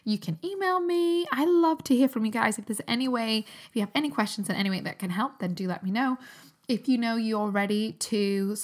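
A woman's voice: fairly high pitch, fairly quick. A woman in her thirties, originally from Newcastle, hosting a solo podcast in a chatty, upbeat way and laughing often. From Newcastle, England. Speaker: podcast host and health coach. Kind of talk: casual solo podcast chat.

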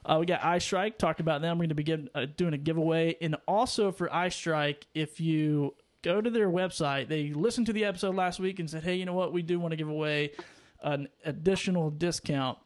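An upbeat man co-hosting a live fishing broadcast, his voice sitting a bit higher than most men's. He talks loosely and casually, shouting out viewers by name and rattling through sponsors. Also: fairly quick. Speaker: co-host of a live fishing show. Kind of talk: casual live-stream chat.

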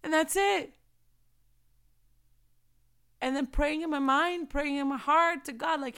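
A woman's voice: high-pitched, steady tone, takes it slowly, long pauses, a bit bright. A young woman giving a passionate faith-based motivational talk, preaching and repeating phrases for emphasis. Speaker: faith vlogger.

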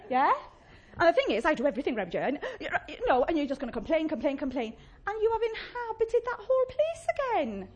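A woman's voice: high-pitched, big pitch swings, a little fast, darkish tone. A woman preaching a chatty, humorous sermon, acting out little voices of complainers.

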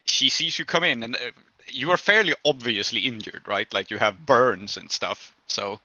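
Bright, edgy-voiced man running a game. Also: mid-range voice, moderate pace, dry recording, lo-fi sound. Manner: casual, laughing, many fillers. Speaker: game master. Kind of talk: narrating a tabletop game.

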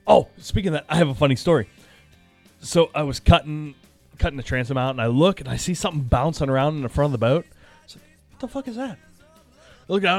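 Laid-back guy on a podcast, cussing, casual stories, faint music behind. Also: medium pitch. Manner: laid-back, swears freely, laughs while telling stories. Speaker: podcast host. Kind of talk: casual storytelling chat.

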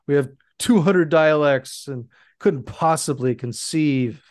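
A man's voice: a little high, takes it slowly, dry recording, clean studio sound. An American man hosting a podcast, teasing and arguing in casual chat. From United States. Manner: teasing, argumentative. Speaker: podcast host.

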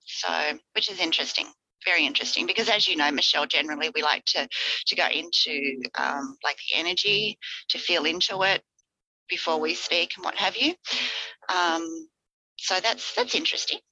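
A woman co-hosting a podcast, talking in a relaxed, rambling way and often repeating herself. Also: lowish voice, normal speed, low-quality recording. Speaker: podcast co-host. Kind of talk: casual chat.

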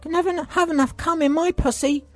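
A man putting on a high falsetto voice as a perky young woman game heroine, as a joking impression on a podcast. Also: steady tone, fast talker, fairly bright tone, soft background music. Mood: perky mocking.

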